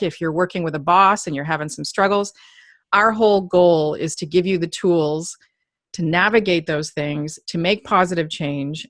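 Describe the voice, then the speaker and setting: A woman's voice: lowish voice, fairly bright tone, no echo, studio quality. A woman hosting an interview, upbeat and teasing in a casual chatty way. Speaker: event host.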